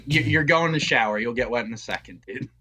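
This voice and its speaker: A man's voice: mid-range voice, fast talker, sharp tone. A man who competes in jiu-jitsu, speaking as a podcast guest in a blunt, joking, casual way. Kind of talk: casual chat.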